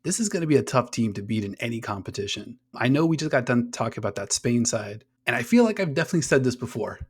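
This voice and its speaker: A man's voice: medium pitch, big pitch swings, fast talker, breathy edge. A man co-hosting a casual women's soccer podcast, enthusiastic, swearing freely and rattling off player names. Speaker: podcast co-host. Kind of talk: casual sports chat.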